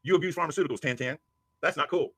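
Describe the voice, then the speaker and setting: A man's voice: on the high side, racing, pushed and bright, dry recording. A man delivering a profane, aggressive rant at a rival streamer, hurling insults. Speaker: livestreamer. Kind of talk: angry rant.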